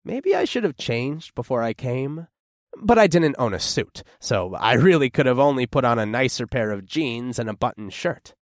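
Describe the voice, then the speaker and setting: A man narrating a first-person audiobook with lively, widely moving intonation and a mid-pitched voice. His descriptive storytelling is close-miked, and the recording is dry, with no room echo. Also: moderate pace.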